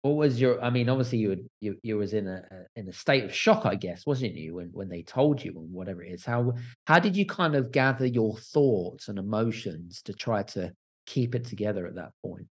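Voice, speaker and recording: Husky guy hosting a podcast, lowish voice, asks stuff kinda haltingly. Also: lively intonation. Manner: asks questions in loose, halting phrases. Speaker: podcast host. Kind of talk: casual interview.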